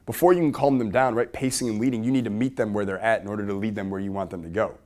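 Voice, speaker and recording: A man speaks in a lowish voice while he teaches a live audience in a room. He is energetic and keeps asking the crowd questions. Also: racing. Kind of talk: live seminar talk to an audience.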